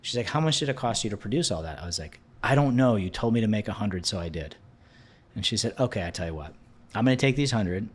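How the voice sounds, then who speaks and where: A man in his thirties with a low voice tells a story on a podcast. He talks casually and with energy, and slips into the voices of the people he quotes. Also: fast talker, breathy edge. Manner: animated, acts out quoted dialogue. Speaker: podcast guest.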